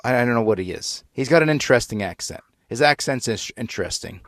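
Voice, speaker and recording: A man's voice: mid-range voice, expressive, quick pace, no room sound, studio quality. A man hosting his own radio show, talking sarcastically with stumbling restarts. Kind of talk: mocking radio monologue.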